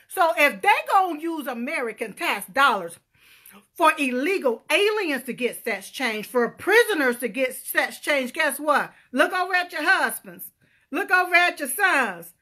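A woman giving a loud, emphatic political rant to her viewers, calling out to them often. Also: very high-pitched. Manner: loud, emphatic, calls out to viewers, punctuates with "huh?". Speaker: political vlogger.

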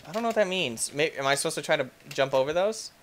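A young man's let's-play commentary, slightly high-pitched and swinging wildly in pitch as he reacts. He talks over faint background noise and breaks into yelps and shrieks when the game kills him. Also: expressive, fast. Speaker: gaming YouTuber.

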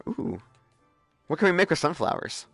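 A man hosting a live stream, giving excitable gameplay commentary that bursts into yelps and squeals. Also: a little high, moderate pace, creaky, dry recording, soft background music.

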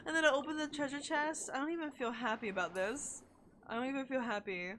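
A woman's voice: on the high side, expressive, a little fast, pushed and bright, a little hiss or hum. A young woman chatting casually and gushing while she streams a video game, with lots of likes and oh my gods. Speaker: gaming streamer. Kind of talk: casual live-stream chat while playing.

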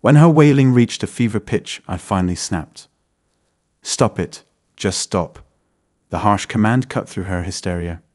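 Brief: male narrator, lowish voice, measured dramatic storytelling. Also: lively intonation, a little mellow. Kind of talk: scripted first-person story narration.

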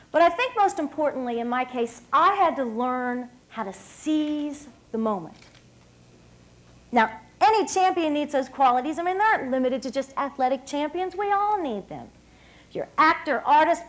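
High-voiced woman giving an upbeat speech. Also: low-quality recording. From West Virginia, USA. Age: 30s. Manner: lively storyteller, often laughing, addressing the crowd directly. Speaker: dinner speaker. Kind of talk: motivational speech to an audience. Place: stage at an evening dinner event.

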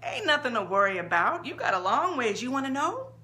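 A woman's voice: sits high, big pitch swings, fairly quick, pushed and bright, pitched above the performer's own voice, full character voice. A woman voicing a blunt, streetwise middle-aged female psychic with a folksy, plainspoken way of talking. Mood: teasing.

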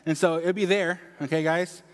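A man's voice: fairly high pitch, fairly even intonation, moderate pace. A man with a Mexican accent giving upbeat church announcements and a prayer, tagging "okay?" onto nearly every phrase. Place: church sanctuary. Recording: long hall reverb.

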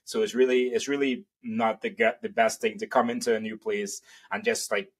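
A man's voice: mid-range voice, expressive, normal speed, creaky, breathy edge. A man hosting a podcast interview, talking in a loose, rambling way and laughing easily. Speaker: podcast host. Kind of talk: casual interview chat.

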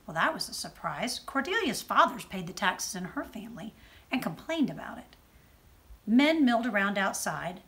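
A woman judge reading a children's book aloud with expressive storytelling. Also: mid-range voice, moderate pace. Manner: expressive storytelling, softer on narration tags.

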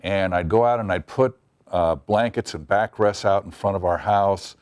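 In an interview, a middle-aged TV writer tells a wry anecdote from his past, acting out the quotes. His low voice is darkish, clear and resonant, delivered at normal speed in a dry recording.

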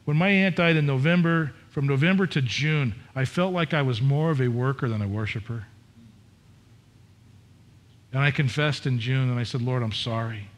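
A man's voice: medium pitch, moderate pace. A middle-aged man preaching a sermon as pastor, candid and conversational, with frequent restarts and repetitions.

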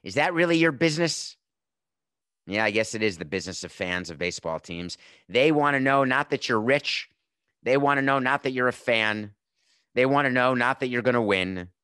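A man's voice: medium pitch, steady tone, normal speed, bright, forceful tone, clean tone, no room sound, studio quality. A man in his fifties hosting a sports podcast, giving opinionated commentary with emphatic, sarcastic rhetorical questions. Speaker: podcast host.

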